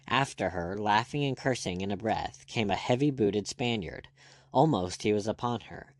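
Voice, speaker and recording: An audiobook narrator, a man with a fairly low voice, reads scripted narration in a steady, measured way. The recording is clean studio sound with no room sound.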